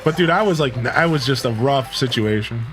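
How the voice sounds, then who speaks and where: A man livestreaming and chatting casually with his viewers, telling a rambling, animated story full of filler words. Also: medium pitch, brisk, soft background music. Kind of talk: casual chat with stream viewers.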